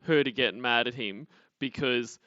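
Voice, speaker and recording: Bright-voiced Australian man chatting. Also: medium pitch, unhurried, no room sound, lo-fi sound. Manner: rambling, lots of fillers and restarts. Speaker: podcast co-host. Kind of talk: casual chat.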